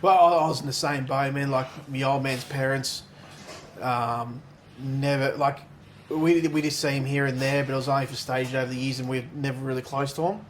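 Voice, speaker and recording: A man's voice: medium pitch, fairly even intonation, normal speed, a little hiss or hum. An Australian man co-hosting a podcast in casual chat, blokey, swearing heavily and laughing along. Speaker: podcast co-host.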